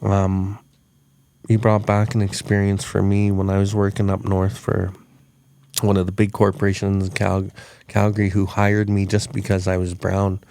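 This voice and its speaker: A man's voice: deep voice, completely flat delivery, moderate pace, creaky, darkish tone. A man hosting a podcast, telling stories in an earnest, reflective way and often restarting his words. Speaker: podcast host. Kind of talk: reflective storytelling chat.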